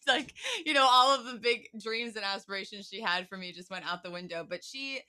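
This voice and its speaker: Guest singer, woman in her twenties, bright voice, chatty and heartfelt. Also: medium pitch, fairly quick. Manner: chatty, emotional storytelling with quoted asides. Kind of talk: casual interview.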